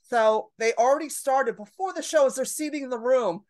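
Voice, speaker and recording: A woman's voice: high-pitched, moderate pace. A woman comedian telling a club story in a casual podcast chat, brash and profane, acting out the people in it. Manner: brash, profane, animated storytelling with acted quotes. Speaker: stand-up comedian.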